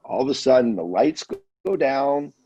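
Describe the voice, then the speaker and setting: A husky middle-pitched man tells a rollicking story with lots of energy. He jumps into other people's voices as he goes, and the dull, lo-fi audio flattens the sound. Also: normal speed. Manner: animated storyteller, acts out voices. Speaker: guest storyteller. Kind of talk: casual anecdote telling.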